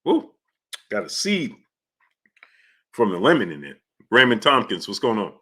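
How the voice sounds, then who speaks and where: A man's voice: fairly low pitch, sing-song, a little slow, pushed and bright. A man hosting a live boxing talk stream, talking emphatically with repeated fillers and frequent "you understand?". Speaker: sports talk show host.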